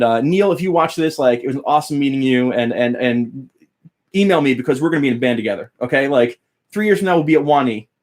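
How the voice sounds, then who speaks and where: A young adult man, a guitar teacher, eagerly telling a personal story in casual chat, laughing often and acting out what others said. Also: medium pitch. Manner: animated, laughing, quoting others with voice changes.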